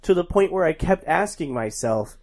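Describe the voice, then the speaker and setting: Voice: mid-range voice, expressive, normal speed, darkish tone. A podcast co-host chatting casually, griping wryly and sarcastically about a movie with laughs.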